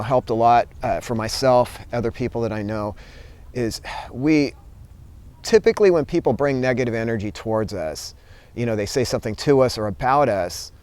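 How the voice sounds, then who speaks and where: Smooth-voiced man telling a story. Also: medium pitch, no echo. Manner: relaxed, many fillers. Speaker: vlogger and teacher. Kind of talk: casual storytelling talk.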